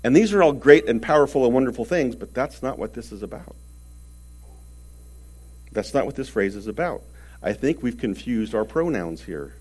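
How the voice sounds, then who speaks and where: A man preaching a sermon earnestly, stressing words and swinging between loud and soft. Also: mid-range voice, animated, normal speed, pauses often, husky.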